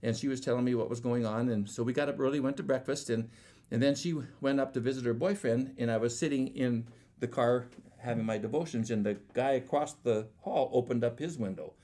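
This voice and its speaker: In a mellow mid-range voice and at a brisk clip, a man shares a story of his own faith in a relaxed, meandering way. He keeps tripping into restarts and voices the quoted dialogue as he recounts it.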